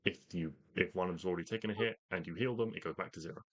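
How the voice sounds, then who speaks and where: A man with a low voice runs a tabletop game. He explains the rules casually and fills his talk with words like "basically". The sound is dry and close. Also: rapid-fire, no room sound. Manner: relaxed, explains rules with many fillers. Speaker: game master.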